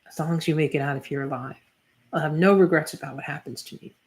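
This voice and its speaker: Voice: medium pitch, fast talker, lightly acted. A reader voicing a firm, protective mother. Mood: urgent.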